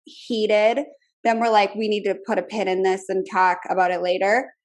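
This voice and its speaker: A woman's voice: mid-range voice, level tone, moderate pace. Blunt, profane woman co-host. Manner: frank and profane, emphatic. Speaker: podcast co-host. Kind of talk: casual chat.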